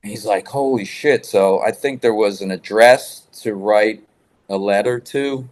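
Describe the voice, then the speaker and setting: A man's voice: fairly low pitch, measured pace, darkish tone. A man guest telling rambling rock-scene stories in a casual interview, swearing freely. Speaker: guest musician.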